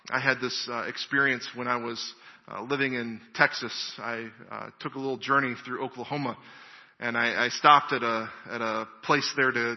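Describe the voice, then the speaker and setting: A male pastor preaching a sermon in an earnest, measured way, often restarting his phrases. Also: mid-range voice, in a large hall, dull audio.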